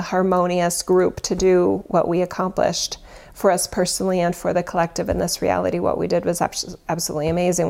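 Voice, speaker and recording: A woman with a low, mellow voice talks through her spiritual work in a loose, rambling way. She keeps stopping to correct herself and adds a lot of fillers. Her tone is earnest and open, and a gravelly fry runs under her words. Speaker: spiritual teacher and retreat leader. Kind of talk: casual spiritual talk.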